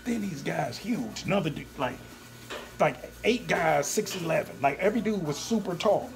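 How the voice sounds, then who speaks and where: A man, a comedian, telling an animated story in an interview after a show, acting out voices and laughing often. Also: on the high side, normal speed, creaky. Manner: lively, acts out quoted voices, laughs often. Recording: busy crowd noise behind.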